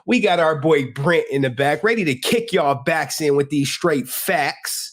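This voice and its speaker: Man, livestream host, casual slangy chat, slightly high voice. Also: a little slow, fairly bright tone. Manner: loose, joking, talks straight to chat with slang.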